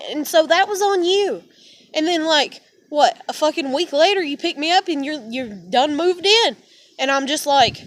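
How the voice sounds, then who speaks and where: High-voiced woman with a drawl, venting. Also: expressive, a little fast, a little hiss or hum. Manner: profane, heated, rambling. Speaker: vlogger. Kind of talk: venting monologue to camera.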